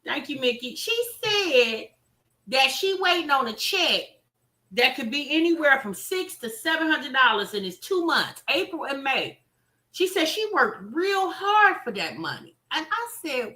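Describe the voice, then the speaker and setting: Chatty woman reaction host, lively and bright-voiced, slow delivery, roomy sound. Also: high voice. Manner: chatty, addresses viewers as y'all, teasing. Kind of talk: casual livestream commentary.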